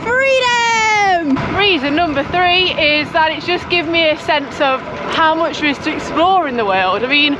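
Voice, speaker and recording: A young woman with a high voice chats cheerfully as she rides her bike, a bit breathless from the effort. Road and wind noise come through clearly on this outdoor recording. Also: moderate pace, hardly any pauses. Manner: chatty and upbeat, with loud whoops. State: out of breath while pedalling. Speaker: cycling vlogger. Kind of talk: casual vlog chat while riding. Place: outdoors on country roads, riding a bike.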